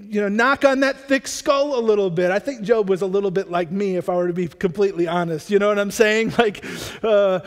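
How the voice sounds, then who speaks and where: Energetic preacher in a reverberant hall. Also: male voice, high-pitched. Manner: energetic, conversational, frequent restarts. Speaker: pastor. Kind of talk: sermon. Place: church. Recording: long church hall reverb.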